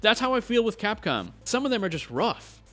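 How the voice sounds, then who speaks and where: A man's voice: sits high, a little fast. A man ranting passionately as a video game commentator. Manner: passionate, animated. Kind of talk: opinionated rant.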